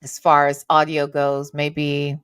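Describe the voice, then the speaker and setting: A woman's voice: low voice, completely flat delivery, slow pace, fairly bright tone, clean tone, no echo, clean studio sound. A woman hosting a casual livestream from home, chatting with her viewers and swearing casually into a desk microphone. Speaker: reaction channel host.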